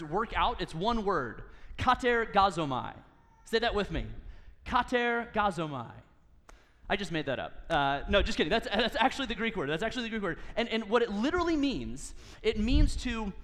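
A man's voice: high-pitched, a bit bright, big-room sound. A man in his thirties preaching a sermon, earnest and teaching, with touches of light humor. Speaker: pastor.

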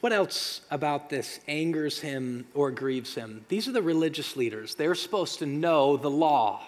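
A man preaching a sermon as pastor, talking conversationally with dramatic pauses and rhetorical questions. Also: fairly high pitch, animated. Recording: long reverb of a large hall.

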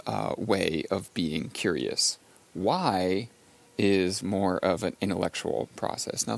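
A man hosting a podcast, talking through ideas with a client example and an everyday analogy in a slow, thoughtful monologue. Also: low voice, creaky. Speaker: podcast host and coach.

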